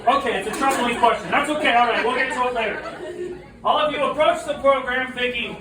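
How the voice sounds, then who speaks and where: A man from New Mexico performs a chatty stand-up set, joking with and teasing the people at a party. He is recorded from a distance in an echoey room. A crowd is clearly heard around him. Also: extremely high pitch, fast talker. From New Mexico, USA. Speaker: stand-up comedian.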